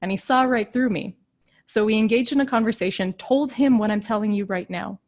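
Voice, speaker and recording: A woman in her thirties speaks as a coach in a live session, her voice pitched in an ordinary middle range. She tells her own story earnestly, with heartfelt emphasis and shifting tempo. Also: a little fast, darkish tone. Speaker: leadership coach. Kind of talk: motivational personal storytelling.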